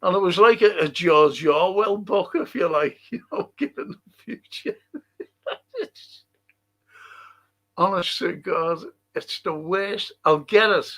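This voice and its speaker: A man's voice: sits high, slow pace, long pauses, fairly bright tone. An older man hosting a livestream, rambling casually, swearing and chuckling as he reads out viewer comments. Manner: rambling and profane, chuckling often. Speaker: livestream host.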